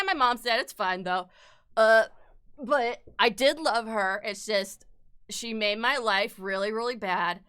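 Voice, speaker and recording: Bright, clear-voiced young woman streamer. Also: medium pitch. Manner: candid and frank, swears freely; upset, close to tears at times. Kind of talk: casual live-stream chat.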